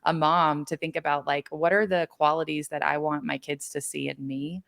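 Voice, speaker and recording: A woman with a notably low voice hosts an interview show. She affirms her guest with enthusiasm and chats in an easy, personal way. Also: flat delivery, normal speed, creaky, fairly bright tone. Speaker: podcast host. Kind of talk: conversational interview.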